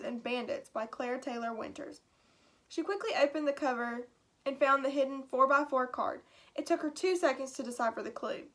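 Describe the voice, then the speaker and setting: A woman's voice: sits high, fairly bright tone. A woman teacher reading a chapter book aloud to her class, with chatty asides.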